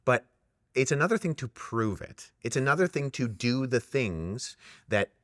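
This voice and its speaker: A man's voice: medium pitch, sing-song, measured pace, fairly bright tone, dry recording, clean studio sound. A man co-hosting a casual theological discussion, earnestly explaining points and building them into lists. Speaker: apologetics ministry co-host.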